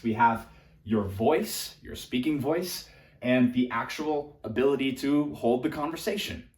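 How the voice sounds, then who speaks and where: A young man coaching on social skills, animated and casual, swinging between loud emphatic bursts and quiet asides, now and then swearing for emphasis. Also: mid-range voice. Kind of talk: energetic coaching monologue to camera. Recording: echoey room.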